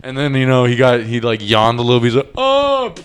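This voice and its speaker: A man casually retelling a wild story on a podcast, crude and animated, acting out the people he quotes. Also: mid-range voice, fast, noisy background. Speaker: podcast host.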